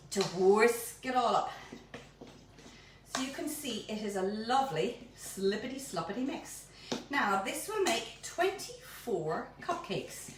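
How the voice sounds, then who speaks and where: Bubbly high-voiced woman baking, echoey room. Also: a bit bright. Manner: bubbly and playful, stumbles over words. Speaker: home baker hosting her own baking channel. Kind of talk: chatty baking demonstration. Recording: very echoey room, mic at a distance, faint noise.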